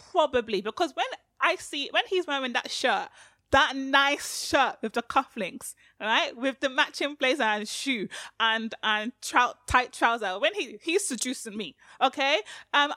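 Bright-voiced woman chatting frankly on a podcast. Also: sits high, no echo, studio quality. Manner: animated, laughing, slangy and frank. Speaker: podcast co-host. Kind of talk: candid casual podcast chat.

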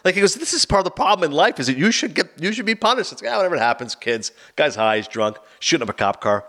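On a casual podcast, a male co-host retells anecdotes with animation, briefly acting out the people he quotes. His voice is on the high side and his pace is quick.

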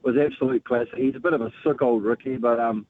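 A jovial, rambling man with a New Zealand accent comes through a tinny phone line. Faint hiss sits under his mid-pitched voice. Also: steady tone, quick pace. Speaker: caller.

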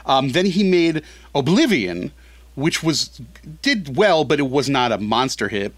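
A man talking as a guest in a casual podcast chat, animated and rambling, often correcting himself mid-sentence. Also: mid-range voice, unhurried, no room sound. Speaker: film critic guest.

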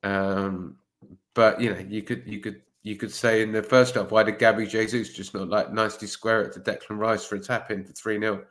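A man, a football podcast pundit talking in calm, reassuring casual chat, with casual swearing. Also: lowish voice, moderate pace.

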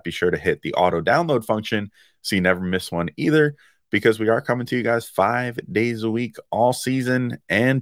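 Low-voiced man hosting a sports podcast. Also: no echo, clean studio sound. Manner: loose and excited, slangy with fillers like "man" and "like". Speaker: podcast host and site editor. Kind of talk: casual solo sports podcast talk.

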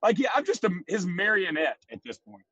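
Self-deprecating podcast guy, high lively voice, slightly husky, dry lo-fi sound. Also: a little fast, no room sound. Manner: self-deprecating, laughs often, animated swings in pitch. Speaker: podcast co-host. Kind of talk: casual chat.

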